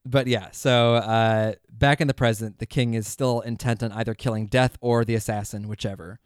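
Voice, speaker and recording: Male podcast co-host, mid-pitch, dry close sound, animated and chatty. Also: normal speed, smooth, no echo. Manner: animated, acts out scenes with quoted voices. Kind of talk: casual chat.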